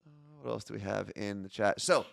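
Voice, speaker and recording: A man's voice: fairly low pitch, fairly even intonation, brisk, creaky, no echo, studio quality. Long Island man co-hosting a chatty stream. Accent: Long Island New York. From Long Island, New York. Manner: joking, chatty, reads chat comments aloud. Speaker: co-host of a live-streamed morning show. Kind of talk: casual chat, reading viewer messages.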